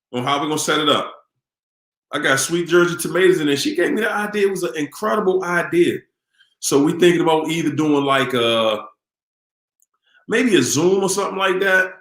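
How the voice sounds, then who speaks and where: A man hosting a live stream in a relaxed, upbeat way, greeting viewers by name as he signs off. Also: fairly high pitch. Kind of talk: casual live-stream sign-off. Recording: echoey room.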